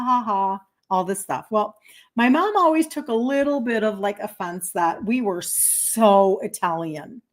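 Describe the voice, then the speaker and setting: A woman in her fifties, a health coach hosting a livestream, telling a chatty story in a casual way and breaking off to thank viewers. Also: medium pitch. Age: 50s.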